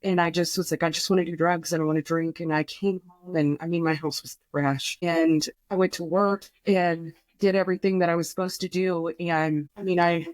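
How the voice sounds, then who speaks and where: A woman's voice: low voice, no echo. A young woman on a podcast, telling an emotional personal story in a rambling way, full of fillers and swearing, quoting herself. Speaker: podcast guest.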